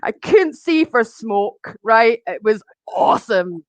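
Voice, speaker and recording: Bright-voiced, animated woman telling a story. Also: fairly high pitch, slow pace, no room sound. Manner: chatty storyteller, laughs often, voices quoted speech. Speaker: guest. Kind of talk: casual chat.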